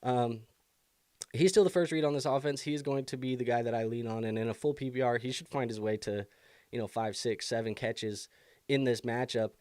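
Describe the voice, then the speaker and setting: A man's voice: mid-range voice, fairly even intonation, fairly quick, darkish tone, no room sound. A young man hosting a live fantasy football stream, answering viewer questions casually with lots of fillers, bothered by the hiccups. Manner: casual, thinking aloud with many fillers. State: has the hiccups.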